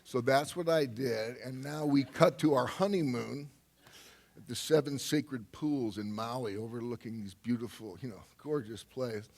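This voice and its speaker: A man's voice: medium pitch, measured pace, darkish tone. An older man telling a loose, rambling anecdote on stage to a live audience, full of fillers and laughs. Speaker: guest speaker.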